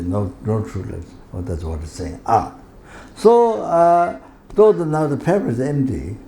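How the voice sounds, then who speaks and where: A man gives a Buddhist teaching in a gravelly, mellow voice. He talks slowly and haltingly, full of fillers and chuckles. The recording is roomy, with faint hiss behind him. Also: fairly low pitch. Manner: halting, many fillers, laughs often. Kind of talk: dharma teaching. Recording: echoey hall ambience, faint noise.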